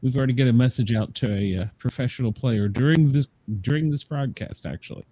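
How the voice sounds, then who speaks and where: A man's voice: mid-range voice, fast, warm tone, no room sound, poor audio. A man on a casual sports podcast who serves as its business manager, dropping wry, teasing one-liners.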